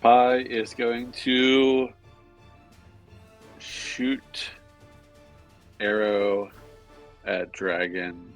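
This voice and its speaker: A man playing an online tabletop game, stating his move in a halting, word-by-word way. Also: lowish voice, little pitch movement, soft background music. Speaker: player.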